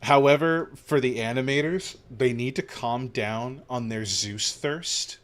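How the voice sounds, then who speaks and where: A man giving casual gaming commentary, excitable and rambling, gushing and swearing casually as he plays. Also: mid-range voice, unhurried. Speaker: gaming video host.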